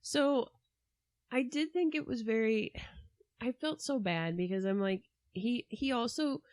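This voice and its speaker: A woman co-hosting a casual true-crime podcast, talking in an animated way with mocking asides about the people in the case. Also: fairly high pitch, measured pace, no room sound. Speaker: podcast co-host.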